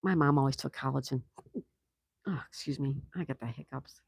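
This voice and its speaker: A man's voice: mid-range voice, moderate pace, creaky, slightly rough, dry recording. A man hosting a casual livestream, reading viewer comments aloud and reacting with easy laughs. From United States. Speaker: livestream host reading chat. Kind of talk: casual live chat.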